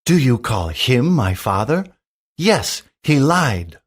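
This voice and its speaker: A man's voice: mid-range voice, sing-song, slow, slightly rough, exaggerated voice. A man voicing a proud boy king in rags who speaks in a haughty, indignant way while reading a storybook aloud.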